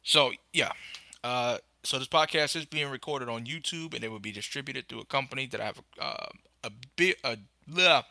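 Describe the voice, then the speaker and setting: A young man talks casually and rambles through a tech podcast, full of fillers, then gets excited about hardware. His voice sounds very bright and edgy, and it is recorded dry and close with almost no room sound. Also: medium pitch, moderate pace, gravelly, no room sound. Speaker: podcast host. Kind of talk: casual live-stream tech chat. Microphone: phone.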